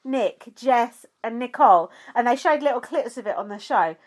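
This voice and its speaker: A woman co-hosting a casual chat, retelling events in an animated way with plenty of "like" and swearing. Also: fairly high pitch, normal speed. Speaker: podcast co-host recapping a reality show.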